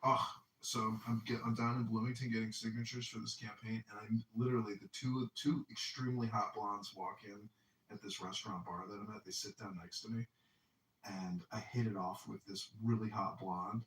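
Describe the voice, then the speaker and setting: A man's voice: lowish voice, fairly even intonation, fairly quick, fairly bright tone. A man hosting a podcast, telling boastful rambling stories in crude casual banter. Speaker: podcast host. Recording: roomy distant mic with faint noise.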